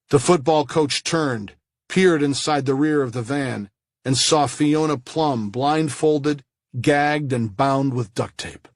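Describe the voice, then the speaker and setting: A man reading a thriller audiobook in a measured storytelling manner. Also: medium pitch, gravelly, dry recording, studio quality. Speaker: audiobook narrator. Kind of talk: scripted thriller narration.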